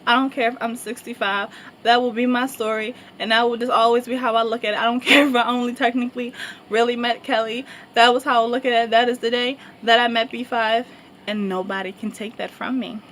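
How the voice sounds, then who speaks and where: A woman's voice: fairly high pitch, level tone, brisk, a bit bright, a little hiss or hum. A young woman vlogger telling a rambling, casual story, with lots of fillers and laughter.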